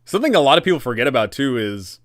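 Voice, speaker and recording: A man hosting a casual tabletop-game advice talk, animated and rambling, correcting himself often. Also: medium pitch, very fast, dry recording, studio quality. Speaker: dungeon master and channel host.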